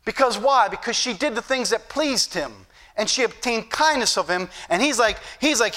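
A middle-aged preacher with a high, bright voice delivers his sermon as a story, acting out the back-and-forth himself. His emphasis climbs as the point builds. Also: animated, normal speed, hardly any pauses. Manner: storytelling, plays out dialogue with rising emphasis.

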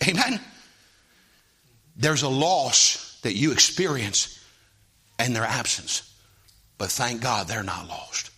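Bright-voiced preacher swinging hushed to loud. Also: male voice, medium pitch, animated, takes it slowly, long pauses, slightly rough. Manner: asks the congregation "Amen?" often. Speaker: pastor. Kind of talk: sermon.

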